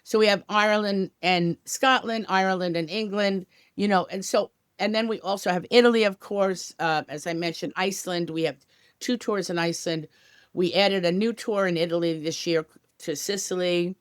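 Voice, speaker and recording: Guesting on a travel podcast for her tour company, a woman talks in an upbeat, chatty way, sprinkling in many casual asides. Her lowish voice is clear and resonant, with a steady tone at normal speed, captured in a dry, clean studio recording.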